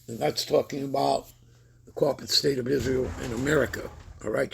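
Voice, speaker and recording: Speaking briskly in a steady, mid-range voice that is creaky and a little breathy, a man delivers a sermon over news commentary. He reads scripture with building emphasis and keeps checking in with listeners by repeating "all right?" and "okay?".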